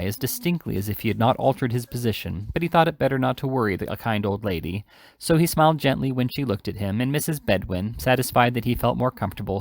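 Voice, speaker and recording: A man reading a classic novel aloud, narrating in a measured, steady way. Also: medium pitch, vocal fry. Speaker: reader. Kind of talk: audiobook reading.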